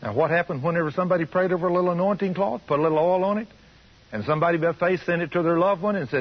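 A man's voice: sits high, rapid-fire. A man preaching a fervent, folksy sermon on the radio. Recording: muffled radio broadcast.

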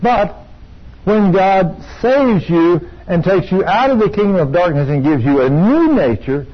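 An older man preaching a sermon and telling a healing story, with excited outbursts of praise. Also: sits high, unhurried, slightly rough. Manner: storytelling, rising to excited exclamations. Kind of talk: sermon with testimony. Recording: dull lo-fi sound.

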